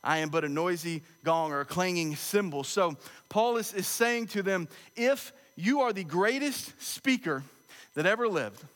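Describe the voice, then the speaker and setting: A slightly high-voiced man in his thirties preaches a sermon. He talks in a conversational, humorous storytelling way, and his voice rings with the long echo of a large church hall. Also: animated, a little slow, a bit bright. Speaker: pastor. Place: church sanctuary.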